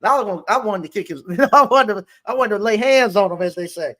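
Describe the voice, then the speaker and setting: A man, an appliance repair business owner, telling stories in a casual interview with a halting, rambling delivery full of restarts. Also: high-pitched, lively intonation, a bit bright.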